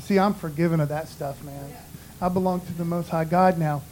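A man's voice: on the high side, fairly even intonation, moderate pace, a little mellow, slight background noise, low-quality recording. A man giving an informal, conversational sermon in a folksy way, often dropping "man" and "you know". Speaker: preacher.

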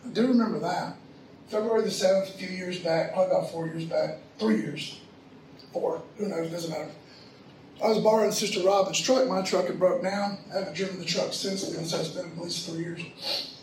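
A man's voice: high voice, steady tone, brisk, darkish tone, a little hiss or hum. A middle-aged man preaching a sermon, telling a personal story in a loose, slangy, conversational way. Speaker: pastor. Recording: echoey room from far off.

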